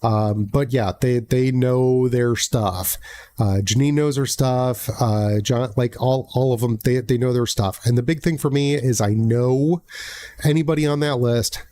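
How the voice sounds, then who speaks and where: Blunt, fast-restarting American man. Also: mid-range voice, fairly even intonation, warm tone. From United States. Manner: blunt, profane storytelling with many restarts. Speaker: realtor hosting a live Q&A. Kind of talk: casual livestream talk.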